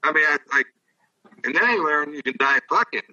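A man's voice: fairly high pitch, animated, a little fast, bright, forceful tone, distant mic, muffled recording. An older man, a former ballplayer, telling rambling, profane stories in casual chat. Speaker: guest, former baseball player. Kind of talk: casual storytelling.

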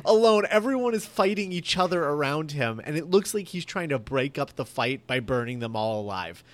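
A man's voice: fairly high pitch, lively intonation, normal speed, fairly bright tone. A man in casual reaction chat, emphatic and exasperated as he picks apart a video. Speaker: commentator.

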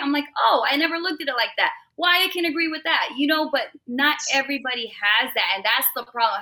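A woman's voice: fairly high pitch, pushed and bright. A woman co-hosting a podcast, talking earnestly and openly in a casual chat. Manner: earnest and open, thinking aloud. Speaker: podcast co-host.

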